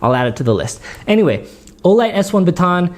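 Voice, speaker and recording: A man's voice: high-pitched, sing-song, brisk, a little mellow. Rambling, giggly man at home. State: runny nose. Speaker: gear channel host. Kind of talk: casual rambling vlog. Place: dining room at home.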